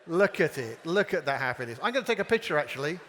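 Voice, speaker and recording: A man's voice: on the high side, sing-song, fast, a bit bright, a little hiss or hum. A man giving a playful, jokey conference talk and leading the audience in participation games. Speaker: conference speaker. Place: conference hall before a live audience. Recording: long hall reverb.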